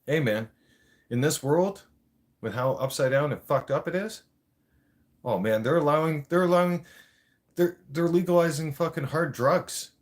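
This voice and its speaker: A man's voice: on the high side, moderate pace, long pauses. A man hosting a livestream, ranting bluntly with lots of swearing. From Canada. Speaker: livestream host. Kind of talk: profane casual rant.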